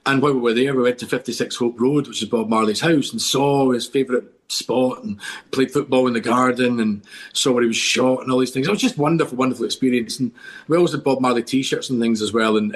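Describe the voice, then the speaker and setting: A middle-aged Scottish man, a podcast guest, telling long stories with enthusiasm and lots of restarts. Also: medium pitch. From Scotland. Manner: enthusiastic rambling storyteller with many restarts. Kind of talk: casual podcast chat.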